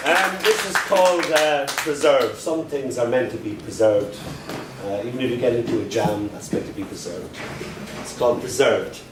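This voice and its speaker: A man doing a live poetry reading with dry, deadpan humor, slowing right down to recite his lines. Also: medium pitch. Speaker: performance poet. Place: live performance at a pub club night. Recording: echoey room, distant mic, noisy.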